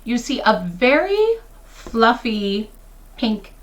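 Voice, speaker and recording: Slow-talking woman game master. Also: on the high side, very animated. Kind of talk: narrating a tabletop game over voice chat.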